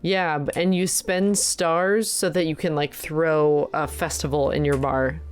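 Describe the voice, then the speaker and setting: A young woman livestreams a game in a relaxed, unhurried voice that sits a little low. She chats with viewers, exclaims at surprises and thanks people by name. Faint music plays in the background. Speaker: game streamer. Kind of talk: casual live-stream chat while playing.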